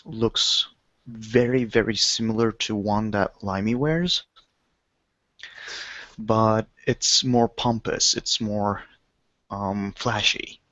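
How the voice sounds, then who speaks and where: A man's voice: on the low side, slow pace, pauses often, fairly bright tone, no echo. A man describing his character's actions as a player in a tabletop role-playing game over a voice call. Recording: muffled online voice chat.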